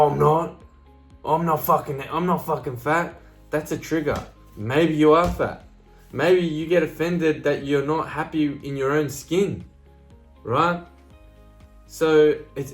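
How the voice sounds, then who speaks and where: A man giving a casual motivational talk to camera, blunt and plain-spoken, swearing freely and often checking in with "right?" and "you know". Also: mid-range voice. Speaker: motivational speaker.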